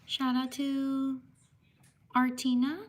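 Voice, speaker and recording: High, slow-talking woman streamer. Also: completely flat delivery. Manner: slow, repetitive shout-outs, careful over names. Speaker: live stream host. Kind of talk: live stream chat, reading out viewer names.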